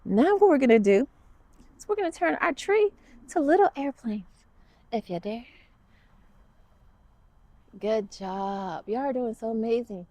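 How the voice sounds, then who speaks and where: A woman's voice: fairly high pitch, animated, a little slow, long pauses, dark tone, dry recording. A woman guiding a kids yoga class, upbeat and encouraging with playful cues.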